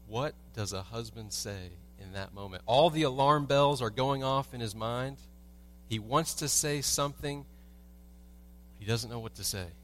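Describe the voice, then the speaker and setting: A man's voice: medium pitch, measured pace. A man preaching a sermon as a pastor in a church, telling everyday stories with humor and asking the congregation rhetorical questions. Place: church sanctuary.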